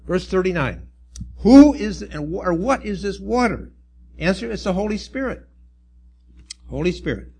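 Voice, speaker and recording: A middle-aged man preaching a sermon as a church elder, earnest and halting, circling back over his words before pushing them out with emphasis. His voice is gravelly and somewhat husky, sitting a little high for a man. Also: expressive, a little mellow.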